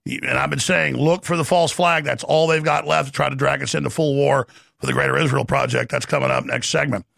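A middle-aged man hosting a talk show, delivering a forceful, rapid, ranting monologue from a studio. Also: mid-range voice, steady tone, creaky, no echo. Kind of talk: impassioned talk radio monologue.

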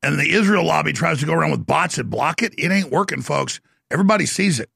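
On his talk show, a middle-aged man delivers an intense, boastful, combative rant in a very gravelly, strained voice that sits high. He talks fast with a pushed, bright sound, recorded bone-dry and close with no room sound.

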